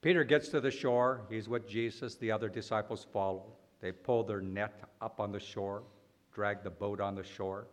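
A man preaching a sermon, animated and full of rhetorical questions and dramatic pauses. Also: lowish voice.

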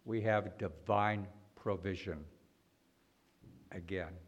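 Animated man preaching a sermon. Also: sits low, husky, highs cut off. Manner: animated, rhetorical questions, dramatic pauses.

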